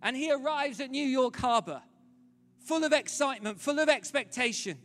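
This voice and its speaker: A pastor, preaching a sermon in a dramatic storytelling way, swinging from loud to hushed. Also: male voice, very high-pitched, expressive, moderate pace. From London, England. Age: 30s. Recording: reverberant hall, faint music.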